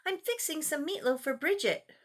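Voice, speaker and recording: Storybook boy, young and eager, bright cheerful replies, high lively voice, put on by a grandmother. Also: normal speed. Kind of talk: reading a picture book aloud.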